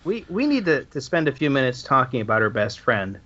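Excitable podcast cohost guy, swears a lot, voice jumps all over, muffled sound. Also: medium pitch, brisk. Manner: animated and excitable, swearing, reading aloud with relish. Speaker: podcast co-host. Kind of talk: casual chat.

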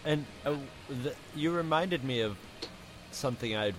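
A man talking casually on a podcast, pausing and restarting as he searches for words. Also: mid-range voice, background noise. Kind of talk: casual chat.

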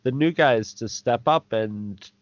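A man's voice: medium pitch, no echo. A man co-hosting a podcast, chatting casually and stopping and restarting his sentences. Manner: halting, restarts a lot. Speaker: podcast co-host. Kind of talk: casual chat. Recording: dry, dull lo-fi audio.

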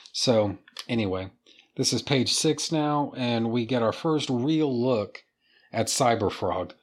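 A man reviewing comic books in a casual, enthusiastic video commentary, swearing freely as he talks. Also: mid-range voice.

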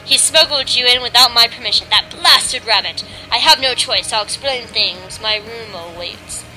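A woman's voice: on the high side, animated, normal speed, bright, forceful tone, rough recording. A woman voicing a stern, grumpy man who speaks in a curt, scolding way. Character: grumpy stern man, clock tower keeper. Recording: music playing behind.

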